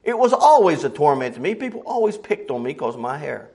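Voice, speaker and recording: A middle-aged man preaching a folksy sermon, quoting scripture in old wording and swinging from loud highs to low murmurs. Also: big pitch swings, fairly quick, slightly rough.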